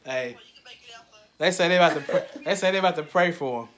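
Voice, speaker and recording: Brief: excitable dad vlogger, bright forward voice, teasing hype-man energy, light background hiss. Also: fairly high pitch, fairly quick. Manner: hyped, teasing, calling out to viewers. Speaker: channel host and father. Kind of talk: casual vlog commentary.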